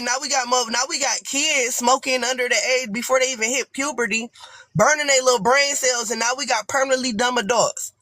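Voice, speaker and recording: A woman's voice: high voice, pushed and bright, no room sound. A woman with an African American accent giving a blunt, profane, rambling rant as a guest on a live stream panel. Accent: African American English.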